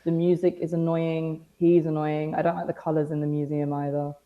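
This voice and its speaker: Deep-voiced with little pitch movement, a young woman from Britain talks fairly quickly over phone-quality audio. She's chatting casually as a podcast guest, telling stories full of dry self-deprecation and quotes she acts out.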